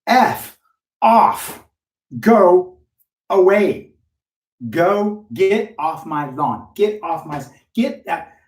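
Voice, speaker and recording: A man acting out an irate homeowner who yells and swears at a salesman to get off his lawn. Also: sits high, animated, extremely slow, long pauses, reverberant, distant mic, pitched above the performer's own voice, exaggerated voice. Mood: angry. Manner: yelling, profane, hostile.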